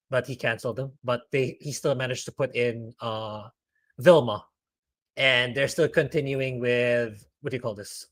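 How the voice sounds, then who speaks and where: A man's voice: medium pitch, fairly bright tone. A man co-hosting a casual podcast, giving his opinions in a chatty way with fillers. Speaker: podcast co-host. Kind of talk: casual chat.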